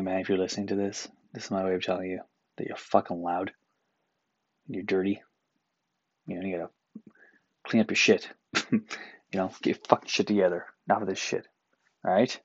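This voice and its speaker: A man's voice: on the low side, no echo, highs cut off. A man from Newfoundland hosting a solo podcast, ranting in an exasperated, profane way. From Newfoundland, Canada. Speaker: podcast host. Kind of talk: casual solo podcast rant. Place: apartment room.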